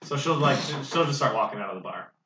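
A man's voice: medium pitch, lively intonation, quick pace, over a noisy crowd. A man playing a tabletop game casually, joking and laughing often. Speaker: player. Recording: distant echoey muffled mic.

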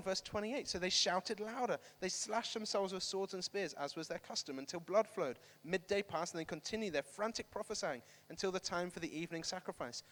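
A man preaching a sermon to a congregation, animated and emphatic, repeating phrases for effect. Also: sits high, long reverb tail. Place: church hall with congregation, also streamed online.

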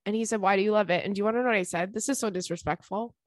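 A young woman hosting a podcast, telling a story in a chatty, animated way and laughing often. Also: mid-range voice, rapid-fire, dry recording. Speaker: podcast host. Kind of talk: casual storytelling to listeners.

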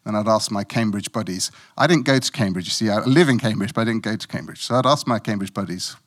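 A man's voice: fairly low pitch, quick pace. Middle-aged male preacher, conversational sermon, dry humour, playful asides. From Africa. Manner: conversational, self-mocking, playful asides with acted quotes.

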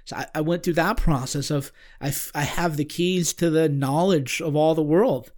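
A man with a somewhat higher voice tells a personal story in casual podcast conversation. He sounds earnest and searching, often halting and restarting mid-sentence as he looks for the right words. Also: a little mellow.

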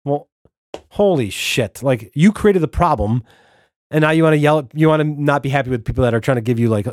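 A man's voice: fairly high pitch, lively intonation, a little fast, a little mellow, no echo, clean studio sound. A man hosting a solo podcast, ranting profanely and with exasperation, with many restarts. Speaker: podcast host.

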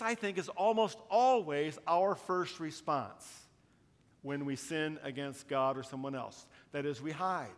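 Pastor, male, middle-aged, slightly high voice, storytelling sermon, big reverberant sanctuary. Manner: storytelling, dynamic swings between hushed and emphatic. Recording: long reverb of a large hall.

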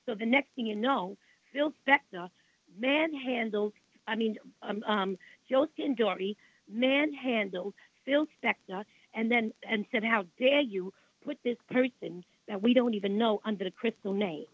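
On a tinny phone line with no room sound, a woman's voice on the high side tells long, rambling stories as a radio interview guest. She's older with a Brooklyn accent, tends to repeat herself and is indignant about the past.

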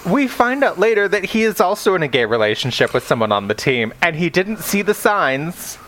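A man co-hosting a podcast in a casual book discussion, animated and swearing freely, prone to tangents. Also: high voice, brisk, a little hiss or hum. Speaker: podcast co-host.

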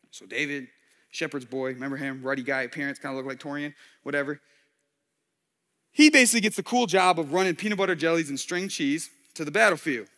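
A man's voice: a little high, fairly bright tone, big-room sound. A man preaching a casual, story-driven sermon with slang and jokey asides in a church.

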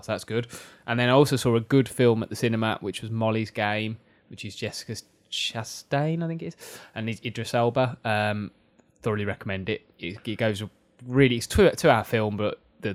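A man co-hosting a podcast, giving casual reviews in a halting, hesitant way. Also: on the low side. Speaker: podcast co-host, movie reviewer. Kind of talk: casual chat.

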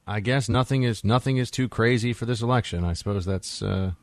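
A man hosting a talk radio show, telling stories in an animated, conversational way into a studio microphone. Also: medium pitch, brisk, no echo.

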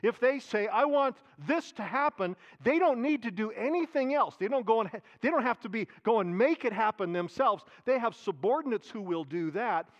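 A male pastor preaching a sermon, animated, repeating key phrases and dropping into soft asides. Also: very high-pitched, moderate pace, few pauses, muffled recording.

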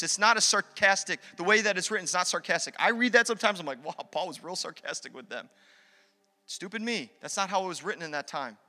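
High bright preaching man in a hall. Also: brisk. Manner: energetic, conversational preaching with acted asides. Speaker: pastor. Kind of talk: sermon. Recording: long hall reverb.

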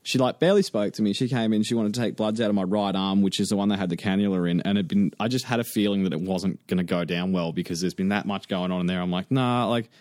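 A man on a podcast who tells a story in casual chat. He swears a lot and acts out the people in it, jumping up loud for the quotes. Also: deep voice, fairly even intonation, quick pace, few pauses, no room sound, clean studio sound. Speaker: podcast co-host.

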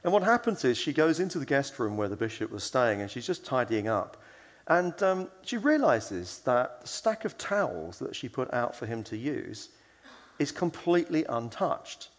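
Delivering a sermon in a large hall, this man uses a mid-range voice with big pitch swings at an ordinary pace. He keeps things conversational, with fillers and restarts, narrating stories and voicing the people he quotes.

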